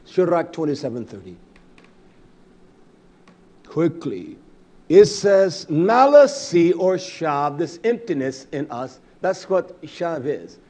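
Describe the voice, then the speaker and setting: Man preaching, fiery, fairly high voice, shouts and mutters, salty. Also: sing-song, takes it slowly, long pauses. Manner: fiery, swinging from loud shouts to low mutters; blunt, salty language. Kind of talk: sermon.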